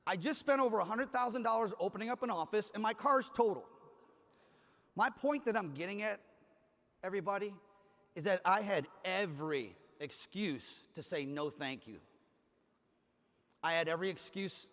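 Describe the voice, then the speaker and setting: Speaking a little fast in a high, expressive, slightly bright voice, a conference speaker from Cleveland, Ohio, gives a motivational keynote on a large hall stage. He tells a lively story and acts out the dialogue, and the stage PA adds hall reverb.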